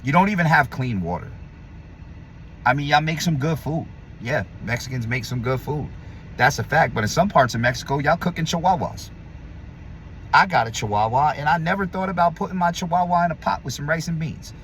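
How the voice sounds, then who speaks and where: A man delivering a heated, blunt opinion rant to camera, profane and combative, swinging between loud emphasis and low muttering. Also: lively intonation, fairly quick, slight background noise. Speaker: vlogger.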